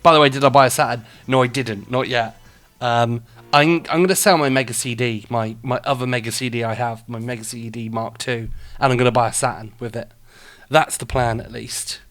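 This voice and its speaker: Host di uno stream, voce maschile media, chiacchierone e divagante, leggera musica di sottofondo. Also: male voice, mid-range voice, steady tone, brisk, fairly bright tone, no echo, soft background music. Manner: rambling, chatty, laughs often. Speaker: radio show host and streamer. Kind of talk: casual live-stream chat.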